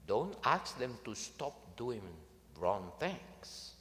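Animated male priest preaching in a hall. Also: medium pitch, drawn-out words. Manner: animated and emphatic, with dry humor. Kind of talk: sermon. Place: large conference venue.

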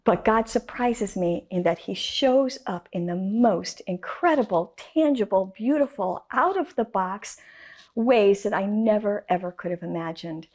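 A woman's voice: medium pitch, measured pace, darkish tone. Emphatic woman guest telling a story. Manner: enthusiastic, emphatic, with repeated phrases. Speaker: guest artist. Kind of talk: interview storytelling.

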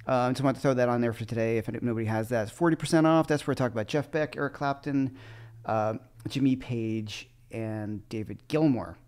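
A man's voice: mid-range voice, fairly even intonation, fairly quick, a little mellow, smooth. Man rambling through a livestream chat. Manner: loose, rambling asides. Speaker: guitar teacher.

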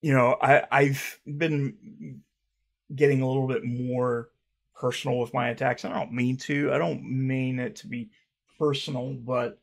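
Gravelly, husky man mocking comments. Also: mid-range voice, measured pace, fairly bright tone. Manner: sarcastic, profane and mocking, with frequent laughing; stammering restarts. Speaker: YouTuber reacting to comments. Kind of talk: casual reaction vlog.

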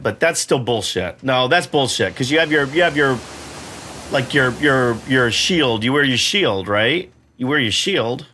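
A man's voice: on the high side, sharp tone, slight background noise. A middle-aged man grumbling and cursing through his own gameplay, mocking himself as he plays. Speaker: gamer playing for the camera. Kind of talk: casual gameplay commentary.

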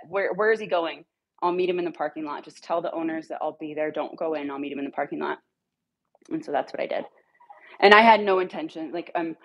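A woman's voice: lowish voice, breathy edge. A woman who runs a dog rescue, telling a heated story to her followers in a blunt way and swearing freely.

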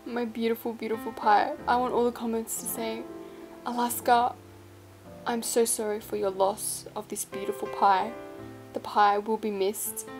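A woman's voice: a little high, flat delivery, normal speed. A young woman giving chatty, playful, self-mocking commentary while playing a game, with faint music behind her. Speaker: gaming vlogger. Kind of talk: casual gameplay commentary.

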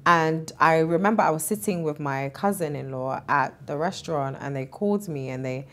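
Woman in her thirties, interview guest; lively, laughs easily, plays out what others said. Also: deep voice, normal speed. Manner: animated, laughs often, acts out quoted voices. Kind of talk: emotional interview storytelling.

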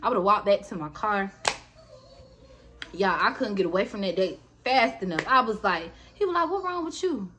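A woman's voice: medium pitch, lively intonation, moderate pace, pushed and bright, a little hiss or hum. A woman vlogger telling a story casually and bluntly, with plenty of swearing, and talking straight to her viewers. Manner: blunt, profane, talks straight to her audience.

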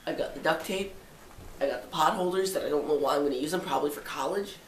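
A man's voice: on the high side, fast talker, reverberant, far from the mic, slight background noise. A seventeen-year-old boy with a stuffy nose, vlogging casually at home, rambling with jokey self-mocking asides. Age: 17, teenager. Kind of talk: casual holiday vlog. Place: living room by a tall Christmas tree.

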